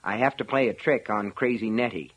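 A man voicing a gruff, slow-witted working man who speaks hesitantly. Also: fairly low pitch, a bit bright, low-quality recording.

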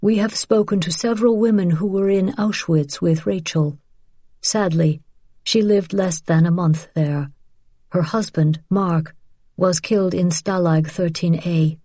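A woman voicing a gentle, grave old rabbi. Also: fairly low pitch, no echo, studio quality. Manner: gentle and measured. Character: elderly male rabbi, gentle, grave and measured.

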